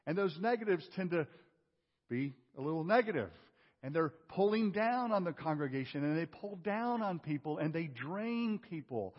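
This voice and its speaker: A male pastor preaching a sermon, asking rhetorical questions and swinging from loud emphasis to hushed tones. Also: on the high side, breathy edge. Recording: dull audio with long hall reverb.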